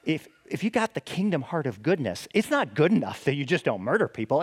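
A man preaching a sermon with a lively voice that swings widely up and down. He sits a little high in his range and keeps asking the listeners questions. He restarts his phrases and checks in with them as he goes. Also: a little fast, hardly any pauses, breathy edge. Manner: animated, asks the listeners rhetorical questions; frequent restarts and "right?" tags. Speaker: pastor.

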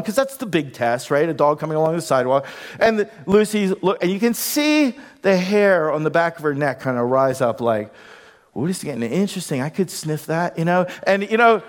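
A middle-aged male pastor telling a comic story in a lively sermon. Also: high voice.

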